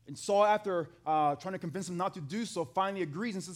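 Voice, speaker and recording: A man preaching a sermon to a live congregation, acting out the scripture dialogue in an animated way and talking with the people in the pews. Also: high voice, quick pace. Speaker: pastor. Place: church hall with a live congregation.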